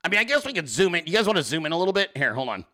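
A livestream host sarcastically riffs on viewers' pictures, swearing freely and aiming profane jabs at his audience in a casual stream. His high, sharp voice races along with big pitch swings.

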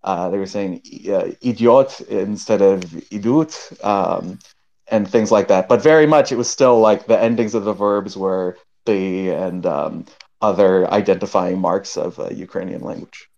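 A man with a lower voice speaks hesitantly, stopping and restarting often. The talk is a casual online discussion. His call audio sounds dull and lo-fi. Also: unhurried, vocal fry, darkish tone. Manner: hesitant, many fillers and restarts. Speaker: panel guest.

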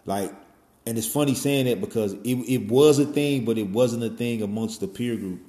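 A man in his forties rambles on at length in a casual monologue, sprinkling in "you know" and "man" and swearing loosely. His mid-range voice has a warm tone and moderate pace, recorded in an echoey room.

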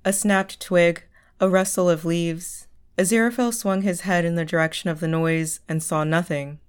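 A woman narrating a story as an audiobook reading in a measured storytelling manner. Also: fairly low pitch, fairly even intonation, clean tone.

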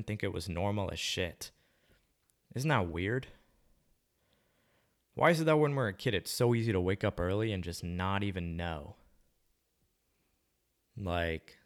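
Very deep-voiced laid-back young man. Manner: laid-back, slangy, swearing, musing aloud. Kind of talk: casual rambling monologue.

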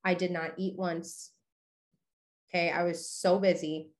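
A woman's voice: fairly low pitch, level tone, unhurried. Chatty upbeat young woman podcast host. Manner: chatty and upbeat, full of "you know" and "okay". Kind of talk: casual motivational monologue.

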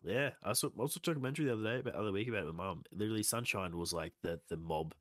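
A man's voice: lowish voice, racing, dry recording, studio quality. A young Australian man telling rambling, sweary stories as a podcast co-host. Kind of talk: casual chat.

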